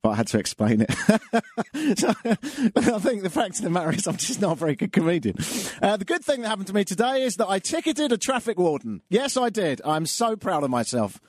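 Lively self-mocking radio host. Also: male voice, high-pitched, brisk, no room sound. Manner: dry self-mocking storyteller. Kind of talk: casual monologue with jokes.

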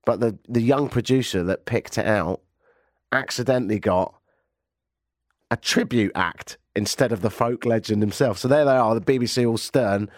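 A man's voice: medium pitch, moderate pace, no echo, studio quality. A man hosting a talk radio show, with a stuffy nose from a cold. He tells stories with sarcasm and animation. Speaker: radio host. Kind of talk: casual talk radio banter.

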